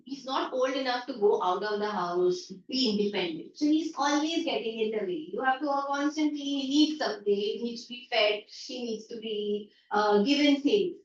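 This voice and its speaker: A woman teacher with a high voice and an Indian English accent explains a story in an online class by paraphrasing lines and acting out everyday remarks. The video-call recording is echoey, distant and dull, with slight background noise.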